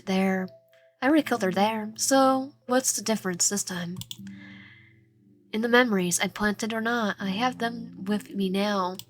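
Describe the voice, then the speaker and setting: Woman reading as a despairing drunk male god. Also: natural voice. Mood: anguished. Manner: halting, lower and hushed, slipping into whispers. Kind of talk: reading a game character's lines aloud.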